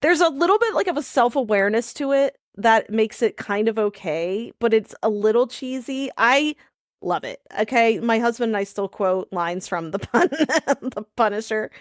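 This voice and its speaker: An enthusiastic woman co-hosting a podcast, with a voice a little higher than most. She speaks emphatically and acts out quoted movie lines. Her voice sounds dry and close to the mic. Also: animated, moderate pace, no echo. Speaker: podcast co-host. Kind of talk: casual chat.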